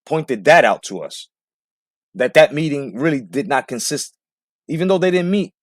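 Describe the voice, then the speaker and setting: Animated, swearing boxing show host. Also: male voice, on the high side, normal speed, dry recording, clean studio sound. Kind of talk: profane boxing commentary.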